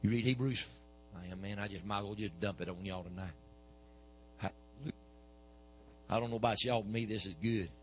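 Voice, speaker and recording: A man's voice: lowish voice, a little fast, pauses often, fairly bright tone, a little hiss or hum, rough recording. A man, preaching a sermon and telling a healing story with quoted back-and-forth dialogue.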